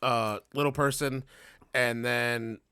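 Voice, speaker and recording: A man's voice: medium pitch, fairly even intonation, slow pace, sharp tone, smooth, no room sound, studio quality. A man co-hosting a casual podcast, telling rambling, profane stories and laughing often. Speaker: podcast co-host. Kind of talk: casual chat.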